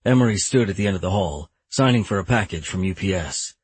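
A man's voice: sits low, expressive, fast, husky, no echo. A man reading a first-person audiobook as narrator, wry and irritated in tone.

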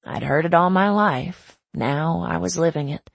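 A woman narrating a first-person novel in a reflective, measured way with a husky, creaky voice. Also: on the low side, no echo. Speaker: audiobook narrator.

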